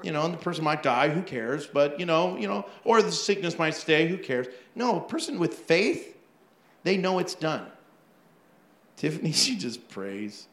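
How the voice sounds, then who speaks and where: A male pastor preaches with a slightly raised pitch, telling his stories with laughter and quick acted-out voices. His voice rings through a roomy, echoing church hall. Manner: animated storytelling with laughs and acted-out asides. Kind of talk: sermon.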